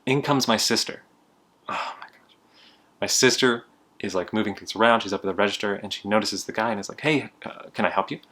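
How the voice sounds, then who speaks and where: A man's voice: on the low side, fairly quick, a bit bright. A young man hosting a board game channel, chatting casually and explaining a card game in a self-deprecating way. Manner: chatty, self-deprecating, laughs while telling.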